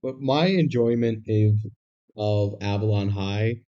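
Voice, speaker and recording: Podcast co-host: young man, wry and joking, with a mellow, dark voice. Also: on the low side, takes it slowly, highs cut off. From Minnesota, USA. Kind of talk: casual chat.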